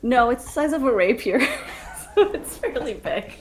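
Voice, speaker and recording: A woman's voice: on the high side, sing-song, moderate pace, background noise. A woman playing in a casual tabletop game, describing her actions in an amused, giggly way. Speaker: player.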